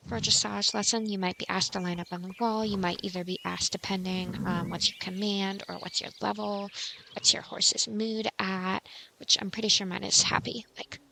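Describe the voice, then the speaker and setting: A woman hosting a casual game tutorial, chatty and rambling with many fillers, and quick to mock herself. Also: medium pitch, steady tone, gravelly, background noise. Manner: self-mocking.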